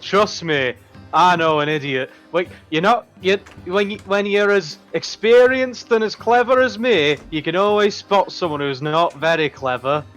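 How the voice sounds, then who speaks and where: A man playing a tabletop game, speaking in character in a boastful, halting way. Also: sits high, fairly bright tone, soft background music. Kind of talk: casual in-character play.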